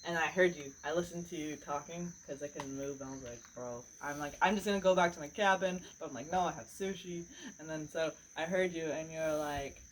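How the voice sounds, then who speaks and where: Woman, lowish voice, rambling casual storyteller, says "like" a lot, faint night crickets behind. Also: a little fast, slight background noise, poor audio. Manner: rambling, lots of "like" and "bro", laughs often. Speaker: podcast co-host.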